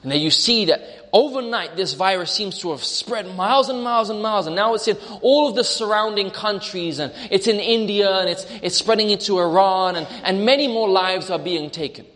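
A man's voice: high-pitched, a little fast, few pauses, fairly bright tone, in a large hall. A male preacher delivering a sermon, storytelling through a vivid imagined scene.

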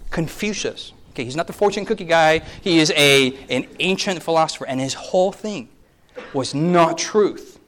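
A man in his thirties preaches a lecture-style sermon with a fairly high voice. He works the room, asking questions and acting out voices as he talks. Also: normal speed. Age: 30s. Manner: animated, acts out quoted voices, asks the audience questions. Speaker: pastor.

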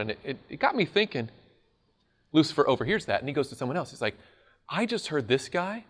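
Animated male preacher. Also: fairly high pitch. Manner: animated, conversational, laughs often. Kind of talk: sermon.

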